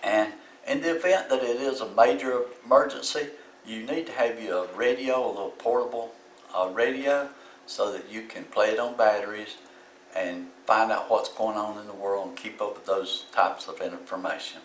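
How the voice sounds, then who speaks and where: A man's voice: fairly low pitch, moderate pace, reverberant, recorded from a distance, slight background noise, rough recording. A man with a Southern US accent giving plain, folksy advice as a video host, recorded in his home kitchen. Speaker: YouTube host. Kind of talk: casual how-to talk.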